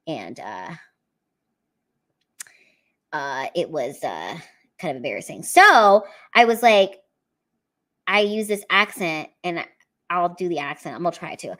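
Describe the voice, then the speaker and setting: A woman's voice: fairly low pitch, sing-song, a little slow, pauses often, fairly bright tone. A woman comedian chatting casually on a livestream from home into her camera mic, rambling with lots of fillers.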